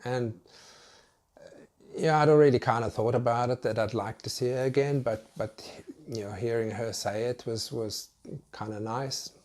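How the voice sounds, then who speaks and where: A man's voice: mid-range voice, darkish tone. A British man telling a personal story to camera in a casual, hesitant way, often restarting his sentences. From United Kingdom. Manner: hesitant, halting, with many restarts. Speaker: vlogger.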